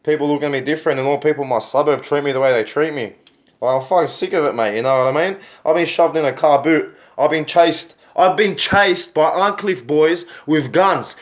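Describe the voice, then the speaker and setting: A man's voice: a little high, fairly quick. An Australian man telling his own story in a vlog, agitated, swearing heavily and firing off rhetorical questions. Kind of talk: angry personal storytelling.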